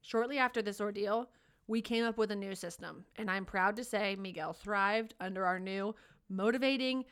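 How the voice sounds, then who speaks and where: Earnest and emotional, a female co-host of a teaching podcast shares heartfelt classroom stories in casual conversation. Her voice is medium-pitched, a bit bright, clear, and resonant, at a moderate pace.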